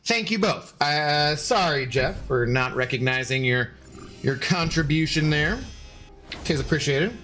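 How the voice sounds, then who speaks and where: A man's voice: on the high side, a little slow, bright, forceful tone, faint music behind. A young man streaming a game, chatting casually and jokingly with his viewers as he plays. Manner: chatty, rambling, joking with chat.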